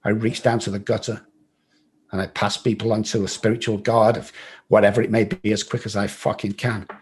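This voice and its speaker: A man's voice: lowish voice, little pitch movement, fairly quick, husky. A middle-aged man from England with an English accent, a guest telling his life story bluntly, swearing freely and acting out other people's lines. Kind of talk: storytelling in an interview.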